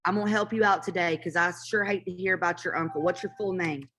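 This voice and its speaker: A woman's voice: lowish voice, fairly even intonation, quick pace, background noise. Woman hosting a live webinar. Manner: warm, calls callers hon and honey. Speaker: webinar host.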